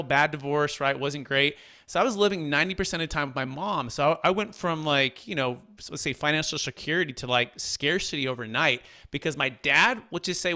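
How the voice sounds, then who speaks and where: Bright-voiced man telling his story. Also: fairly high pitch. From Northern California. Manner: energetic, repeats words when restarting. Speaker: commercial real estate broker. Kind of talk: conversational storytelling.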